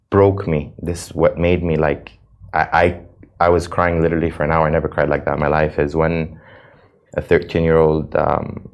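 Very deep-voiced earnest man. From United States. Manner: earnest, emotional, repeats words. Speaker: reality show cast member, guest. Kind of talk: interview answers.

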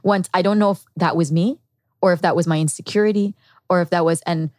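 This is a woman speaking as a podcast guest, recounting her own story in an earnest, reflective way. Her voice sits on the lower side. The recording is dry and close, with no room sound. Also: steady tone, a little fast, a little mellow, dry recording. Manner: earnest and reflective, with quoted inner thoughts. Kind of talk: candid personal storytelling.

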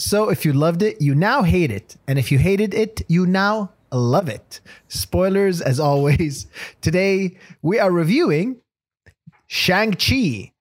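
A man hosting a comedy podcast, chatting casually, laughing often and rattling off a quick synopsis. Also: on the high side. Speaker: podcast host.

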